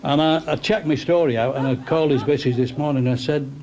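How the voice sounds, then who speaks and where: A man's voice: a little high, fast talker. A man giving a comic after-dinner speech, telling bawdy stories with stammering restarts. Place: crowded dinner hall. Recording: noisy banquet room with crowd.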